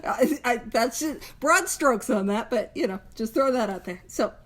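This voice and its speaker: A young woman with a somewhat high voice leads a recovery book study. She talks in a casual, heartfelt way. She often repeats her phrases and laughs lightly as she goes. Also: lively intonation, moderate pace. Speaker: podcast host leading a recovery book study.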